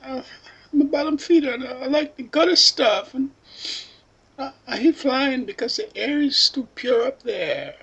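A high, babyish, whimpering voice swoops up and down as a foul-mouthed witness addresses lawmakers, put on by a woman. The speech wobbles between teary whining and crude threats, all in a mocking parody tone. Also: animated, normal speed, a bit bright, slightly rough, dull audio, full character voice. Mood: whiny, rambling. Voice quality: put-on baby voice.

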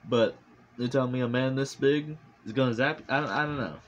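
A man's voice: mid-range voice, normal speed, dull audio, slight background noise. Rambling, swearing man reviewing movies. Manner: rambling and animated, heavy use of fillers and swearing. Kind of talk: casual movie review vlog. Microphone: phone.

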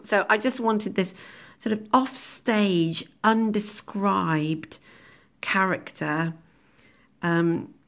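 Teacher, woman, low gravelly voice, chatty and self-mocking. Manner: thinking aloud with many ums, laughing at her own jokes. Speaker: English teacher. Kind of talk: recorded video lesson on a poem.

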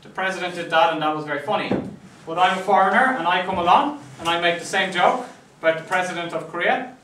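Male lecturer, conversational, slightly high-pitched, recorded from afar in a roomy classroom with faint hiss. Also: fast. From Ireland. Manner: conversational, checks in with "right?" often. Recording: echoey classroom, mic at a distance.

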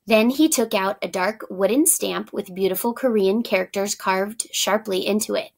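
A woman teacher reading a picture book aloud to children, pausing to ask them for their predictions. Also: medium pitch, creaky. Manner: pauses to ask prediction questions, warm asides.

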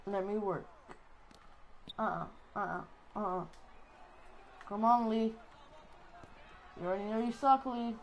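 A woman giving live commentary over a basketball video game, excitable and playful, trash-talking the players. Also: mid-range voice, unhurried, pauses often, slight background noise, rough recording. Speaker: gaming channel host.

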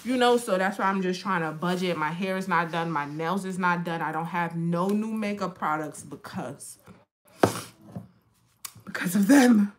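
A woman's voice: on the low side, moderate pace, hardly any pauses, slight background noise. Frank, chatty New woman. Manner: chatty and frank, slangy, laughs often. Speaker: makeup vlogger and mother. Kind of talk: casual chat to viewers. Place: home with children nearby.

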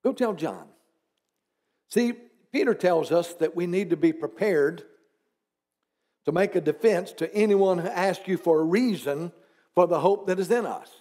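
A man's voice: sits high, animated, a little slow, long pauses, dark tone. A man pastor preaching a conversational sermon in church, asking the congregation rhetorical questions and dropping teasing asides.

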